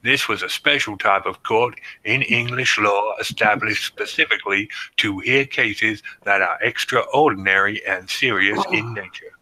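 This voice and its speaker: A man's voice: on the low side, a little slow, hardly any pauses, sharp tone, no room sound, low-quality recording. A man co-hosting a podcast, reading out history notes and joking between the facts. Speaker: podcast co-host presenting research. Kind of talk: casual chat reading notes.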